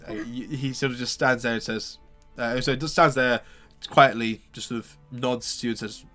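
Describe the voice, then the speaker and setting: A man narrating a tabletop game as game master, halting and full of fillers. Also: medium pitch, steady tone, sharp tone, soft background music. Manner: hesitant, many fillers and restarts.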